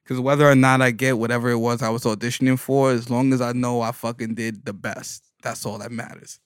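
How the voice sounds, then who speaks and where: A male comedian with a thick Bronx New York accent spins a story in a profane, slang-heavy style, riffing and doubling back on his own jokes. His voice sits at an ordinary male pitch. The recording is dry and close, with no room echo. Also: little pitch movement, a little fast, clean tone. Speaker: stand-up comedian.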